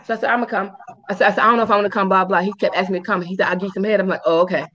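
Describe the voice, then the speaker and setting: On a muffled recording, a woman races through her words. Co-hosting a podcast, she tells a story in casual chat full of profanity, bringing people's lines to life in high, squealing voices.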